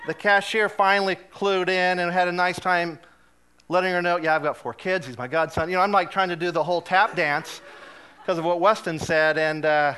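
Bright, clear-voiced man telling stories. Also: high-pitched. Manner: chatty, self-deprecating, with many fillers. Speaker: speaker addressing a live audience. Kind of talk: casual anecdotal storytelling.

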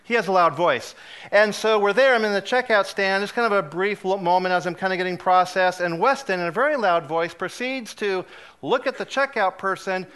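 Bright, clear-voiced man telling stories. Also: sits high, fairly quick. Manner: chatty, self-deprecating, with many fillers. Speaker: speaker addressing a live audience. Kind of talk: casual anecdotal storytelling.

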